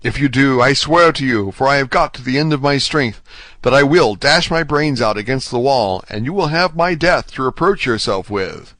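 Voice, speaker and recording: A man's voice: mid-range voice, lively intonation, moderate pace, fairly bright tone, no echo, voice pushed up, close to an everyday voice. A man voicing a young male prisoner in his twenties, pleading urgently in an audiobook reading. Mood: desperate. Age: 20s.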